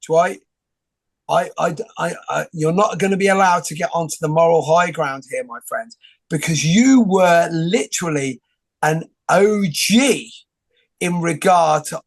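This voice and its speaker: A man's voice: fairly high pitch, normal speed, vocal fry. A man hosting a casual interview, rambling and joking with many restarts and film quotes. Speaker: host. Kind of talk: casual conversation.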